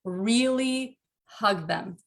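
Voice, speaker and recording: An earnest woman talks about parenting in a relaxed interview from her home. Her voice is mid-pitched and animated. She laughs easily and gets lively when she acts out little scenes. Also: extremely slow, creaky. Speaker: podcast guest, author. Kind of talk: casual interview talk.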